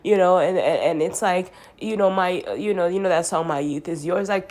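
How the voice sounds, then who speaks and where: A woman's voice: on the low side, normal speed, few pauses, a little mellow. A woman talking straight to camera in an earnest, rambling monologue, sounding congested and often restarting her sentences. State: congested from sinus trouble.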